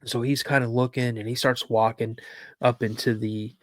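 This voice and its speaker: A man on a podcast as a guest, recounting a personal encounter as a lively storyteller who repeats words for emphasis. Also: medium pitch, moderate pace, no room sound, clean studio sound.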